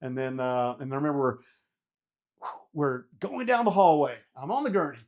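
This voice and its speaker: A man's voice: medium pitch, normal speed. A middle-aged man, a retired helicopter pilot, casually telling a story, acting out what people said and swearing freely. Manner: animated retelling with quoted voices and swearing. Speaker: interview guest, retired Army helicopter pilot.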